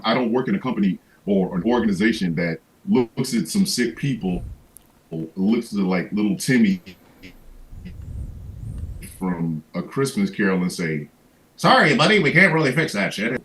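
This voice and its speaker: A man's voice: fairly low pitch, poor audio. A man hosting a livestream, ranting in casual comedic chat with lots of profanity and stammered restarts. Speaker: livestream host.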